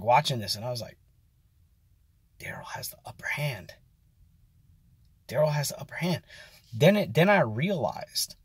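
A man's voice: mid-range voice, husky, no echo. A man in his forties telling a story in a casual, rambling vlog with many fillers and restarts. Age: 40s. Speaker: vlogger.

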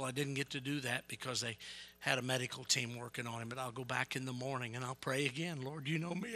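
A man evangelist preaching a sermon, telling stories with energy and yelling to get his point across. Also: mid-range voice, fairly quick. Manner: yells and gets fired up; animated storytelling.

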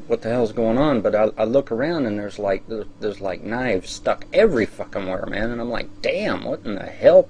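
A man's voice: medium pitch, darkish tone, slight background noise. A man telling a rambling, profane first-person story, stammering through restarts and acting out the dialogue. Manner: rambling, heavy cursing, stammering restarts, acts out quoted dialogue.

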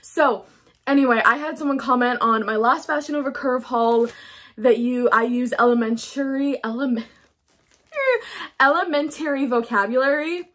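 A young woman films a fashion haul at home, talking to her phone camera in a light, high-pitched voice. Breathless and bubbly, she gushes, loses her thread and restarts, filling her excited chatter with fillers.

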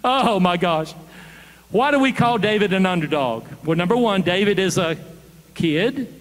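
Animated preacher in a reverberant church. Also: male voice, high voice. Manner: animated, questioning the congregation. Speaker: guest preacher. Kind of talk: sermon storytelling. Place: church sanctuary. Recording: long church hall reverb.

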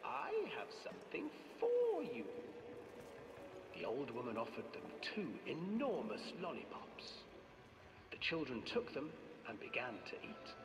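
A man narrating a dark fairy tale in a game and voicing an old witch in a theatrical, drawn-out way. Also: mid-range voice, huge pitch swings. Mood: wheedling. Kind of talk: storybook narration with character voices. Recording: roomy distant sound with music.

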